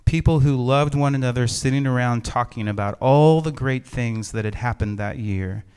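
A middle-aged pastor preaches in an empty church sanctuary with a clean, medium-pitched voice. His storytelling is measured and reflective, touched with gentle humor.

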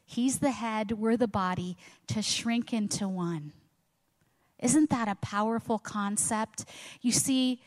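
Woman pastor, middle-aged, earnest sermon delivery; church auditorium with long reverb. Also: mid-range voice. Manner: earnest preaching with rhetorical questions. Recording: long reverb of a large hall.

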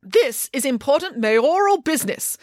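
A woman's voice: high-pitched, big pitch swings, normal speed, darkish tone, no echo, studio quality, pitched above the performer's own voice. A woman voicing a self-important female mayor who speaks in a bossy, demanding way. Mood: imperious.

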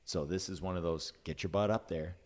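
Man, very deep voice, casual storytelling, animated, acts out sounds. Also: brisk. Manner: animated, acts out sounds and his own thoughts. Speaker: hunting storyteller. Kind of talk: casual storytelling among friends.

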